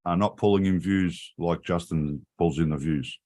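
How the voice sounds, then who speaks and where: A man, his voice sitting a little low, chatting loosely on a livestream. He swears constantly, laughs a lot and keeps calling people mate. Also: normal speed, warm tone. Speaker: livestream co-host. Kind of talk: casual chat.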